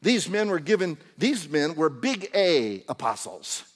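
A man preaching a sermon in church, acting out little voices and dropping from loud to hushed. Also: a little high, very animated, a little slow. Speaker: pastor.

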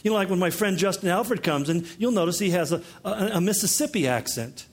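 A man with a notably high voice gives a sermon in a relaxed teaching manner. He mixes explanation with wry, joking asides. His delivery stays chatty, not declamatory. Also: fairly quick. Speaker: pastor.

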